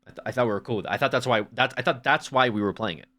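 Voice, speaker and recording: A man's voice: mid-range voice, very fast, sharp tone. Sarcastic, swearing streamer guy. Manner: sarcastic, profane, rambling asides. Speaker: streamer reacting to videos. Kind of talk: casual sarcastic rant.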